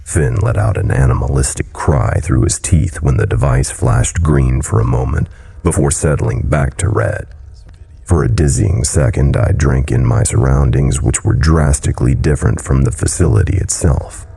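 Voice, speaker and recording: A man narrating a horror story in a low, brooding delivery. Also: normal speed, gravelly, mellow, husky.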